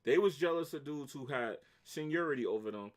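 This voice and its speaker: A man's voice: fairly high pitch, a little fast. Brief: middle-aged Brooklyn guy, stream host, casual storyteller, raises his voice when he relives the fight. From New York. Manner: animated, acts out both sides of arguments, shouts when reliving anger. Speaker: livestream host.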